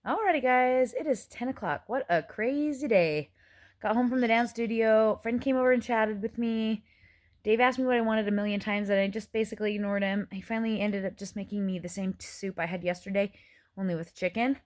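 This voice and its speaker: Recorded with clean studio sound and no echo, a woman in her forties chats through her food diary vlog across several rooms and a dance studio. She speaks a little fast in a fairly high pitch with a darkish tone, often a bit out of breath.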